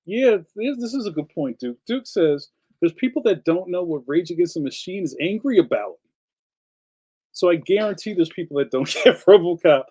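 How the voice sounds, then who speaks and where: A man's voice: sits high, lively intonation, normal speed, warm tone, rough recording. A man from Philadelphia hosting a casual live stream, rambling from topic to topic and answering viewer comments. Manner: rambling, jumps between topics. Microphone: streaming setup.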